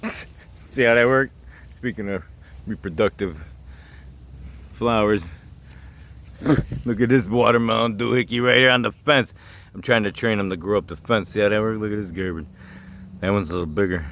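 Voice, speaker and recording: A man's voice: fairly low pitch, moderate pace, pauses often, fairly bright tone, a little hiss or hum. A man with a Chicago accent walks around his backyard garden filming on his phone, rambling casually, chuckling often and swearing freely as he points things out. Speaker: gardening vlogger. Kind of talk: casual walk-and-talk vlog.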